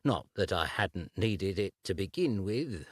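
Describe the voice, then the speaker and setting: A man's voice: low voice, lively intonation, slightly rough, no echo, clean studio sound, full character voice. Male narrator doing a grieving, stammering young man in a storybook. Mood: wistful. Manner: slow, halting, stammering.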